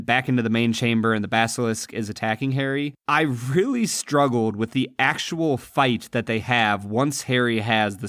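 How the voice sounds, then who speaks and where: Man, film podcast co-host, earnest, animated, mid-range voice, dry close recording. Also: mid-range voice, no room sound. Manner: earnest, animated, quick retelling. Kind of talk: casual film discussion.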